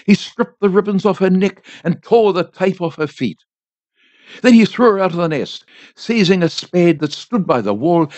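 A man reading a short story aloud in a measured, expressive way for a volunteer radio station. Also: high-pitched, dry recording. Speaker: volunteer reader. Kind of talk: audiobook narration. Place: home studio. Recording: dry, slightly dull home studio.

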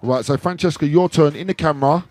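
Playful man DJ, slightly high voice. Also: fast, a little mellow. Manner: playful, laughs often, repeats himself. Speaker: DJ and video host. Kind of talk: casual chat with friends.

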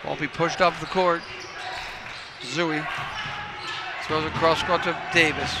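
A man calling a high school basketball game from the gym, his voice a touch higher than most. He rattles off passes and shots and drops in coaching tips. Loud gym noise and bouncing balls sit under his voice. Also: fairly even intonation. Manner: rapid play calls with coaching asides. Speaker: play-by-play commentator. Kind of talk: local sports commentary. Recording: noisy gym ambience. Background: game crowd and ball bounces.

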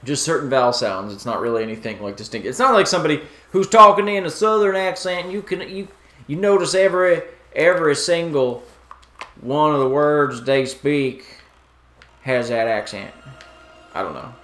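A man's voice: a little high, animated, moderate pace, fairly bright tone. A man from New Jersey chatting casually while playing a video game, rambling and joking. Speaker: let's play co-host. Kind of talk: casual gameplay chat. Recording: echoey room with faint game music.

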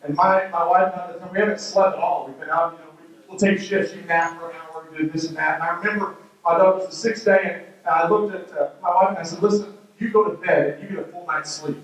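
A man in his thirties tells a comic parenting story as a keynote speaker, acting out the quotes as he goes. His voice sits fairly high and comes from some distance off the mic. The sound bounces around a big, very echoey hall. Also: steady tone, fast, muffled recording. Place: large hall with an audience. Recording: very echoey hall, heard from afar.

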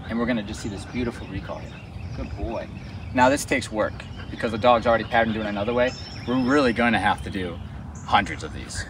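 A male dog trainer explaining a training exercise outdoors in a loose, enthusiastic, rambling way. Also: medium pitch. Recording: distant outdoor mic with faint traffic noise.

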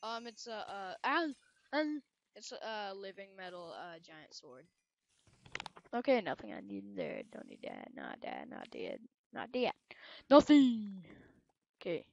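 A woman giving casual commentary while playing a video game, excitable and quick to shout at things on screen. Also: medium pitch, vocal fry. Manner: excitable, bursts into yelling at the game. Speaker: gameplay commentator.

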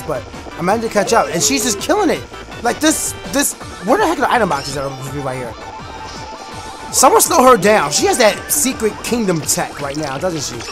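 A young man with a high, lively voice narrates his racing game in an excitable, chatty stream of commentary. He jumps between rambling asides, loud outbursts and improvised rap lines. Game music plays clearly in the background. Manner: animated, bursts into shouts and freestyle rapping, fast rambling asides. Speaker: gaming YouTuber.

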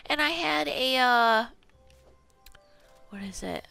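Over soft background music, a gaming channel host chats to herself as she plays, making self-mocking remarks in casual commentary. Her voice is on the high side, gravelly, pushed and bright, and she speaks slowly with long pauses.

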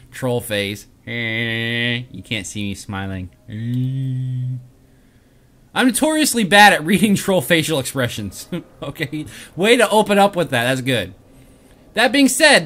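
A man's voice: fairly high pitch, a bit bright. A man hosting a game let's play, reading quest text aloud and joking about himself. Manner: playful, jokey, laughs at himself. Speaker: host.

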